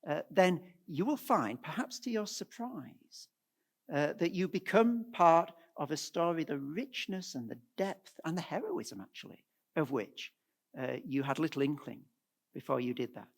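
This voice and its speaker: A middle-aged man giving a presentation at a church, animated and asking the audience rhetorical questions. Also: on the high side, unhurried. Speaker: guest speaker.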